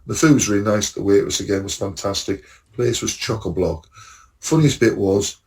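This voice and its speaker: A man's voice: fairly low pitch, moderate pace, creaky, darkish tone, distant mic. A man telling rambling travel stories in casual podcast chat, laughing at his own jokes. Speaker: podcast co-host.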